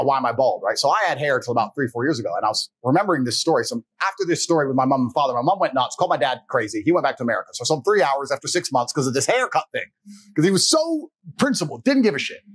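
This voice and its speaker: A man's voice: medium pitch, slightly rough, no room sound, poor audio. A man telling a personal story in casual conversation, blunt and profane, acting out the people he quotes. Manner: blunt, profane, animated retelling with voiced quotes. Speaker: guest.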